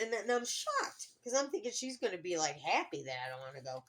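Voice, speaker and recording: A woman's voice: medium pitch, lively intonation, brisk, hardly any pauses. A middle-aged woman vlogging in a rambling, casual storytelling way, full of fillers and restarts.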